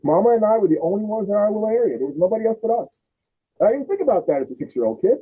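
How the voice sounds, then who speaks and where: An older man tells a long, animated story on a podcast, with a high voice that swings widely as he acts out relatives. His tone is husky, and the sound is thin and tinny, like a phone line. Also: rapid-fire. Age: 60s. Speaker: podcast host. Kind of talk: storytelling in casual chat.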